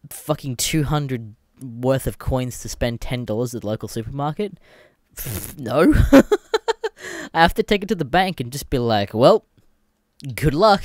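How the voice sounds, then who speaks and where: A man's voice: mid-range voice, no room sound, clean studio sound. A young Australian man hosting a podcast alone, chatting in a rambling, sweary way and laughing often. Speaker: podcast host. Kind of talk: casual solo chat.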